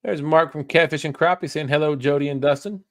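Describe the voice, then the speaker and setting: A man's voice: a little high, fairly even intonation, fairly quick, no echo. A man, co-hosting a fishing livestream, reading viewer comments aloud in an easygoing way and laughing between them. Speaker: livestream co-host reading chat.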